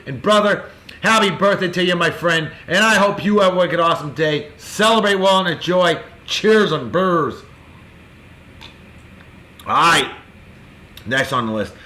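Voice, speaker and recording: A man, hosting a casual daily video and giving effusive, upbeat birthday shout-outs straight to friends. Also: high-pitched. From Martha's Vineyard, Massachusetts. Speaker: host of a daily beer video. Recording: echoey room.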